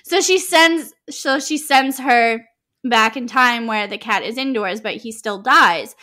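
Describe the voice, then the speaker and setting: A woman's voice: fairly high pitch, measured pace, sharp tone. A young woman co-hosting a podcast in casual chat, rambling and laughing, full of fillers. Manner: rambling, giggly, lots of fillers. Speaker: podcast co-host.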